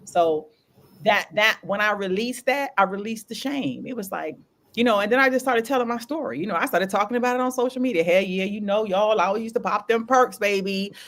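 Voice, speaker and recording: A woman hosting a candid podcast conversation, telling her story in an animated, laughing way with casual slang. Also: medium pitch, a little fast. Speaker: podcast host.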